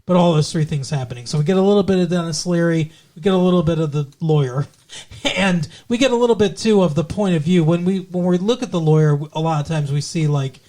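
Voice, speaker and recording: A man with a fairly high voice, chatting loosely on a movie podcast. He retells scenes and drops into quick impressions of the characters. He swears freely and talks in a relaxed, offhand way. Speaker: podcast co-host. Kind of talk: casual movie review chat.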